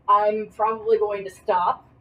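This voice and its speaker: A woman's voice: medium pitch, a bit bright. A woman playing a tabletop game, thinking aloud in a casual, self-deprecating way. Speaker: player. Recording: distant mic, faint hiss.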